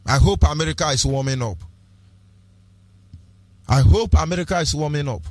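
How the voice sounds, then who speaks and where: A man's voice: fairly high pitch, normal speed, dry recording. A man with a Nigerian accent, delivering an impassioned, preachy political radio talk with repeated rhetorical phrases and lapses into pidgin. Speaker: radio broadcaster.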